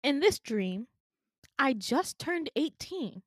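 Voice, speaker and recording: Animated young woman telling a dream story. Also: sits high, takes it slowly, no echo, studio quality. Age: 20s. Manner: animated, exasperated, laughs often. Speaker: podcast host.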